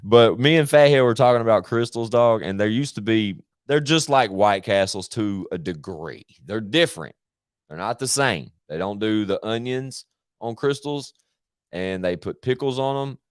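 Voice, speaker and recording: Profane, rambling male streamer, low voice. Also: expressive, moderate pace, smooth, dry recording, clean studio sound. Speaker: live streamer. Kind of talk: casual rambling stream chat.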